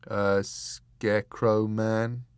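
A man voicing a dim, brutish male henchman who talks in a very slow, low, plodding way. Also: fairly even intonation, a little mellow, no room sound. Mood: tentative.

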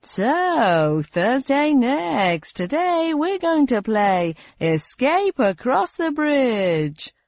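A woman's voice: sits high, very animated, very slow, hardly any pauses, a little mellow, no room sound, muffled recording, voice pushed up, heavily acted. A woman voicing a beaming, showy male game show host with a sing-song manner, in an audiobook. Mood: cheerful. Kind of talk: audiobook character voice.

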